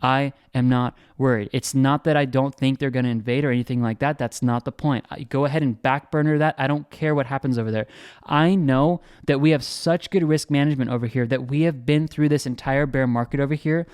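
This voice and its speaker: A man hosting a trading channel, giving casual market commentary in an energetic, salesy way with lots of repeats and restarts. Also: mid-range voice, fairly quick, smooth, no echo, studio quality. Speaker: crypto trading channel host.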